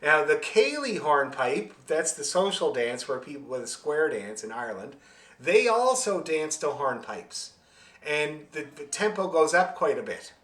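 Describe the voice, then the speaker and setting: A man teaching a fiddle class over a video call, explaining rhythm in a friendly, joking way and singing the beats out loud. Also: fairly high pitch, very animated, measured pace, roomy sound. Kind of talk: online music lesson, explaining and demonstrating.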